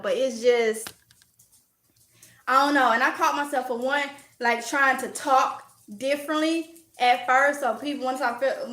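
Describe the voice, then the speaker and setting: A woman from Mississippi with a Mississippi accent, chatting loudly and outspokenly as a vlogger answering viewer comments. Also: high-pitched. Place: at home while organizing. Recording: echoey room.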